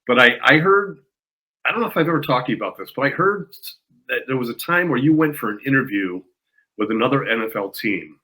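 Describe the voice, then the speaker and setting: A man's voice: medium pitch, animated, fairly quick, pushed and bright, poor audio. A man hosting an interview, asking long, rambling questions with hesitations and fillers. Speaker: podcast host.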